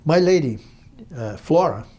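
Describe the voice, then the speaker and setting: An older man from Brazil with a Brazilian accent, telling stories in an interview in an animated, halting way. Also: on the high side. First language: Portuguese. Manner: animated, halting, acts out voices in quotes. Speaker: interview guest, musician. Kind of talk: storytelling interview.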